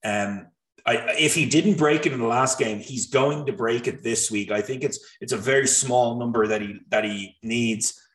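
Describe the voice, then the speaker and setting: A man's voice: medium pitch, normal speed. A man co-hosting a sports betting show, talking picks and stats with frequent restarts. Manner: animated, restarts often, talks through stats. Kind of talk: casual sports betting chat. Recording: roomy echo.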